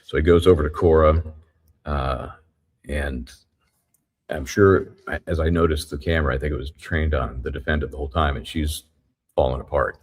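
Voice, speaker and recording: A man with an extremely deep, husky voice delivers a live courtroom recap. He reports as a trial reporter, pausing often and working through the details step by step. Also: steady tone. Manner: halting, methodical retelling.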